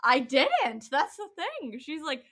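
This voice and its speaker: A woman's voice: sits high, wildly swooping pitch, takes it slowly, a bit bright. Giggly young woman telling a story. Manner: giggly, storytelling with frequent ums and swearing. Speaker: podcast co-host. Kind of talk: casual chat.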